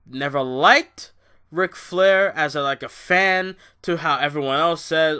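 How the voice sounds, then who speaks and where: A young man ranting in a show review, profane and exasperated, jumping from loud outbursts to low, bitter muttering. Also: normal speed, smooth.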